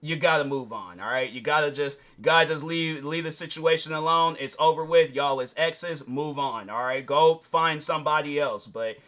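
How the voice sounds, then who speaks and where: A male vlogger with a bright, forceful voice that sits a little above the usual pitch for a man. He talks casually and animatedly, throwing in slang and speaking straight to his viewers, and now and then slips into excited high impressions of other people. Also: normal speed, few pauses. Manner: informal slang, addresses viewers directly. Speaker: YouTube reaction host. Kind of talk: casual opinion commentary.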